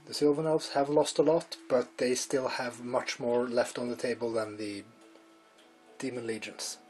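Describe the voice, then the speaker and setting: A man's voice: medium pitch, fairly even intonation, moderate pace, a little mellow, low-quality recording. A man hosting a tabletop wargame battle report, recapping each turn and questioning his co-player. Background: music.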